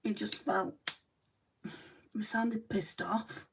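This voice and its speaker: A woman's voice: medium pitch, steady tone, drawn-out words, vocal fry, far from the mic, a little hiss or hum, rough recording. A woman from Lancashire with a Lancashire accent, chatting casually on a beauty livestream as she answers viewer comments. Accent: Lancashire English. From Lancashire, England.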